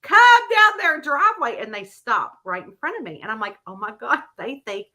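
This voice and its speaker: Woman, mystery author, casual vlog chat, animated storytelling, bright tone. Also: high-pitched, moderate pace. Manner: animated storyteller who acts out the voices in her anecdotes.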